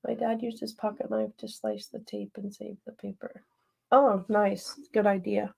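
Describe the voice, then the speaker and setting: A woman's voice: mid-range voice, steady tone, moderate pace, creaky, darkish tone, breathy edge. A woman co-hosting a family livestream, chatting casually and laughing often. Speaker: livestream co-host.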